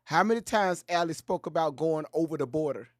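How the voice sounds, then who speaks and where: A man's voice: fairly high pitch, lively intonation, a little fast, dry recording. Dry-voiced man ranting over clips. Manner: profane, exasperated ranting that flares into shouting. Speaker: reaction video host. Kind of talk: commentary on played video clips.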